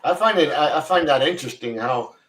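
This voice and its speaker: The audio is poor, carrying a man's bright, high-leaning voice that moves a little fast. As host of a Torah study broadcast streamed live online, he talks fervently yet casually in this Bible study discussion, often saying things more than once.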